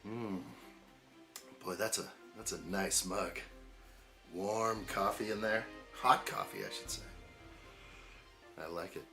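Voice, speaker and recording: Low in pitch with a fairly bright tone, this man chats cheerfully during his building live stream and greets viewers by name.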